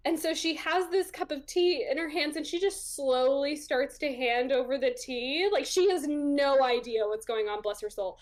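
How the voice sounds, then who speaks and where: A young woman appears as a guest on an interview show, talking at a moderate pace with few pauses in a high voice. Her personal story comes out chatty and casual, full of ums and likes, with frequent laughter.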